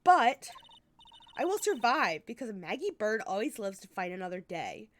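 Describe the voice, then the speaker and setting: A woman's voice: mid-range voice, sing-song, normal speed, close to an everyday voice. A woman voicing a hapless young cop. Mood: rueful. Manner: reading game text aloud with put-on character voice. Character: hapless young woman cop, cheerful despite bad luck.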